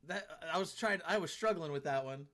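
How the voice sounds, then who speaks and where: A man's voice: on the high side, a little fast, a bit bright. A man streaming a game live, chatting casually and laughing as he reads and answers his chat. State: tired arms after a workout.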